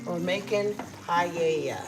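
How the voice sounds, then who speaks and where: A woman's voice: on the low side, slow, music in the background, rough recording. A middle-aged woman hosting a live cooking stream from her home kitchen, chatting casually with viewers as she cooks.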